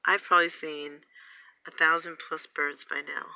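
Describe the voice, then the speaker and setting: A woman filming outdoors on a phone, giving an excited, breathless running commentary and exclaiming over and over. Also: low voice, moderate pace, clear, resonant tone, dry recording. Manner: breathless, exclaiming, repeating herself. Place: outdoors in the cold.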